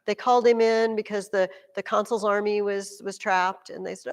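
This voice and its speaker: A woman teaching a junior high history class, telling stories in an animated way with playful asides. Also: moderate pace, hardly any pauses, in a large hall. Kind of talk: classroom lecture.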